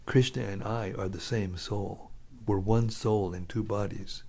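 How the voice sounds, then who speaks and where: A man's voice: on the low side, fairly even intonation, measured pace, warm tone, slightly rough. A man voicing a young woman devotee who explains herself firmly, in his own plain voice.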